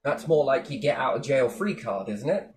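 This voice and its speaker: A man's voice: mid-range voice, expressive, moderate pace, darkish tone, slight background noise. A man delivering a mocking, sweary monologue with big sarcastic swings in tone.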